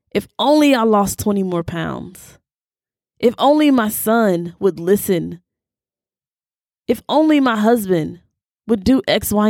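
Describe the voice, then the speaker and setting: A woman's voice: medium pitch, dry recording, clean studio sound. A young woman teaching the Bible in a conversational, preachy way, using casual slang. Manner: animated and preachy, with Southern "y'all" slang. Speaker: host of a Bible teaching podcast.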